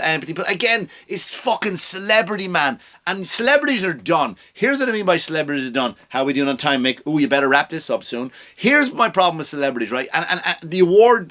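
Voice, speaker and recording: A man's voice: a little high, pushed and bright. A middle-aged man, an immigrant to the US, hosting a comedy podcast with a profane, mocking rant. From abroad, immigrant to the US. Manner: ranting, profane, mocking impressions.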